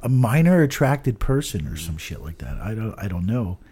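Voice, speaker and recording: A man's voice: fairly low pitch, sing-song, normal speed, dark tone, breathy edge. A man chatting casually on a podcast, rambling, swearing often and trailing off with "I don't know.". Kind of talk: casual chat.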